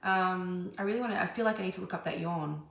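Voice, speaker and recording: A woman's voice: on the low side, quick pace, gravelly, fairly bright tone. A woman tarot reader musing aloud in a casual, meandering channeling session, with lots of ums and restarts. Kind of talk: casual spiritual channeling monologue. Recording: echoey room.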